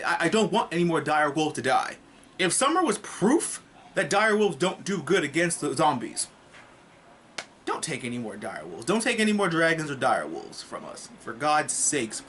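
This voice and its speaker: A man's voice: on the high side, big pitch swings, a little fast, a bit bright, slight background noise. A man casually reviewing a TV episode in a vlog, rambling, swearing and tossing in jokes. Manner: rambling and profane, with joking asides.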